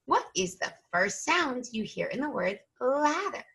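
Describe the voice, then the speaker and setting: A woman teacher leading an early-reading lesson for young children, slow and patient, stretching out each sound. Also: sits high, sing-song, vocal fry, fairly bright tone.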